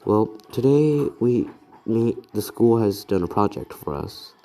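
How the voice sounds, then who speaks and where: Upbeat teacher making class announcements, a man in a low, dark voice. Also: lively intonation, a little slow. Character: cheerful school teacher addressing class.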